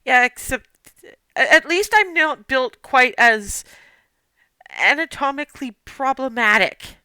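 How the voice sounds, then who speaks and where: A woman's voice: high-pitched, expressive, unhurried, pushed and bright, clear, resonant tone, no echo, full character voice. A woman voicing a chatty talking walrus in a tabletop game, rambling and exasperated.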